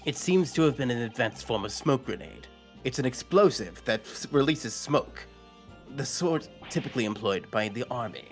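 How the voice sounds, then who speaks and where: A man voicing an aloof aristocratic prosecutor in a fan dub, with a measured, dry delivery. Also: mid-range voice, animated, faint music behind, close to an everyday voice.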